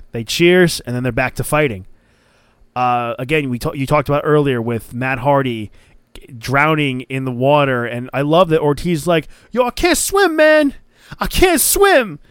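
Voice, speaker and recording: A man's voice: mid-range voice, clear, resonant tone, dry recording, clean studio sound. A man hosting a podcast, retelling a match in casual chat with eager, rambling enthusiasm. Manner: enthusiastic, rambling play-by-play recap. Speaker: podcast host.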